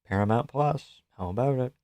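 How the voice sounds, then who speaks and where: A man's voice: mid-range voice, moderate pace, darkish tone, no echo. Young man rambling on a dry stream. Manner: rambling, jokey, reads chat aloud. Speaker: live stream host. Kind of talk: casual live-stream commentary.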